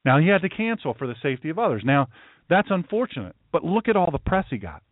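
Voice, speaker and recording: Emphatic preacher-host on a tinny line. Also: male voice, fairly high pitch, big pitch swings, quick pace, no room sound. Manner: emphatic, ranting, storytelling. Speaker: host, pastor. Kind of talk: political talk show monologue. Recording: tinny phone-like line, dry.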